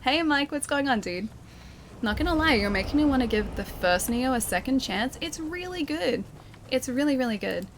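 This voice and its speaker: A woman's voice: high voice, expressive, normal speed, a little hiss or hum. Chatty Australian woman streaming a game. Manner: chatty, reads out and thanks chat, many fillers. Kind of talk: casual live-stream chat while gaming. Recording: game music playing behind.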